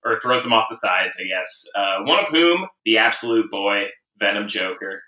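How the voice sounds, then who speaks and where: A man's voice: on the low side, lively intonation, normal speed, bright, forceful tone, distant mic. A man hosting a podcast, recapping in an easygoing chat with lots of "uh" fillers and frequent laughs. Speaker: podcast host. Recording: roomy echo, off-mic.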